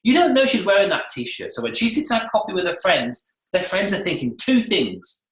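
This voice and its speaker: A man coaching salon staff in a lively seminar, often acting out the voices of clients and staff. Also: high-pitched, normal speed. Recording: echoey room.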